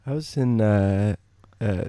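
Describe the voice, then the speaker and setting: Male studio guest, low-voiced, slow and hesitant delivery, dry close-miked sound. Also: dark tone, dry recording. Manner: halting, with many fillers. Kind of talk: casual radio chat. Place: radio studio.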